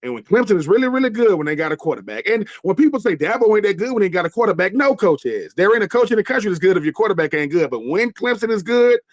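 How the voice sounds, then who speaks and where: Emphatic guy arguing football on a panel, pretty high voice, dry close sound. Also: big pitch swings, no room sound. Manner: colloquial and emphatic, quick asides. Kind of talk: casual sports debate.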